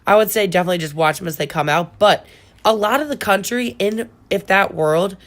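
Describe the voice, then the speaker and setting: A woman's voice: mid-range voice, a little fast. A young woman co-hosting in casual chat, rambling and laughing often.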